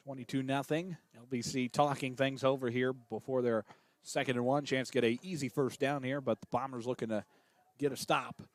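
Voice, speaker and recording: Excitable small-town football play-by-play man. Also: a little fast, no room sound. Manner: excitable, rises in pitch on big plays. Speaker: play-by-play announcer. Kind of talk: high school football play-by-play.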